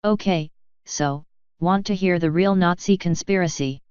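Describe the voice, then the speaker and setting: A woman's voice: fairly low pitch, a little slow, darkish tone, smooth, dry recording, lightly acted. A woman voicing a blunt, growling human war veteran in a dull lo-fi recording. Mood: gruff.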